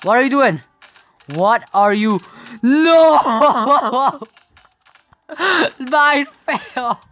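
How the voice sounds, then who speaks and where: A woman narrates her gameplay in a casual, unhurried way, her pitch leaping around as she cries out in frustration and laughs. Her voice sits a little low, and faint game music plays behind her. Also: lively intonation, fairly bright tone, no echo. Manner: exclaims and laughs often, frustrated outbursts. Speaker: gaming video creator.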